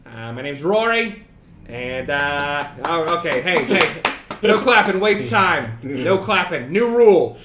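A man's voice: fairly high pitch, expressive, slow, background noise. A man voicing a blunt, bossy bugbear man in a business suit who barks clipped orders, in a roomy room.

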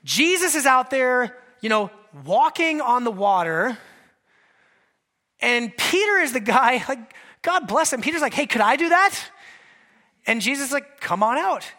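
Bright, high-voiced male pastor preaching. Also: measured pace. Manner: lively, conversational preaching with acted-out quotes. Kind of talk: sermon.

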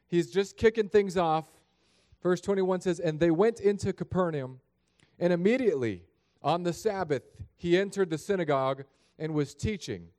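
Pastor guy preaching in a chapel, earnest and direct with the crowd, voice sits a bit high. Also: a little mellow. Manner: earnest, plain-spoken preaching, addressing the congregation directly. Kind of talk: sermon with prayer and scripture reading.

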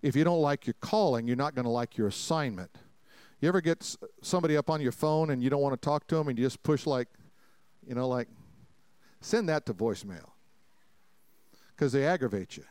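Man, pastor, folksy storytelling sermon, loud then quiet asides, dry close sound. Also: mid-range voice, lively intonation, a little fast, pauses often, clean tone, no echo. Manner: folksy, jokey storytelling with acted-out quotes; swings between loud preaching and quiet asides. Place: church sanctuary before a congregation.

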